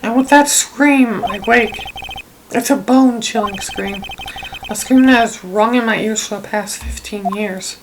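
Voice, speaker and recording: A woman voicing a troubled young male prosecutor who speaks gravely and quietly, with game music behind. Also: on the high side, unhurried, background noise. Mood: haunted.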